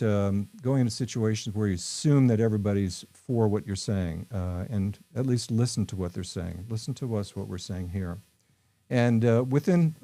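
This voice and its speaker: A man's voice: fairly low pitch, mellow. An American man from New York hosting a podcast, talking in a rambling, opinionated way with many ums and uhs. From New York, USA. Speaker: podcast host. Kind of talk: casual political podcast talk.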